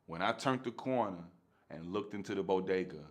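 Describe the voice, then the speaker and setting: A man's voice: sits low, lively intonation, a little fast. A man, telling a story in casual, slangy street talk and laughing often.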